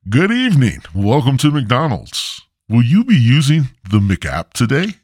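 A man voicing an overly chipper young male drive-thru worker in a bright, overly polite customer-service voice. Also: medium pitch, wildly swooping pitch, measured pace, no room sound, clean studio sound, pitched above the performer's own voice.

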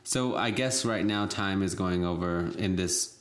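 A woman with a very low voice talks through a casual podcast chat. She rambles from point to point in a chatty way and laughs easily. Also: measured pace. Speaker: podcast co-host.

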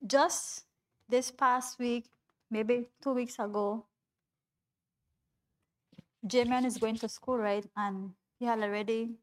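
High-voiced woman preaching slowly. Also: fairly even intonation. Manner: chatty, laughs often, calls on listeners by name. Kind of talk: informal sermon to a congregation.

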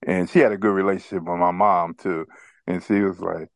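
A man's voice: sits low, fairly even intonation, fairly quick, no room sound. A man co-hosting a podcast, telling a childhood story in casual chat and laughing as he goes. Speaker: podcast co-host.

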